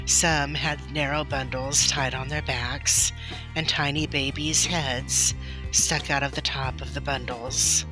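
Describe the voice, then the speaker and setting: A woman reading a children's novel aloud in a gentle, expressive storybook manner. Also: deep voice. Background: soft music.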